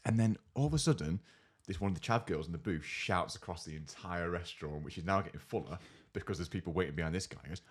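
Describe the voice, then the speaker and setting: Low husky man telling a story. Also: quick pace, few pauses. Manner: animated storyteller, acts out other people's lines. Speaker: podcast co-host. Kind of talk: casual chat.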